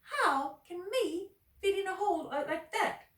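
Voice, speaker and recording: A woman's voice: very high-pitched, expressive, unhurried, fairly bright tone, pitched above the performer's own voice, full character voice. Woman playing a rude rich grumpy old man. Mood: haughty. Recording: echoey room, mic at a distance.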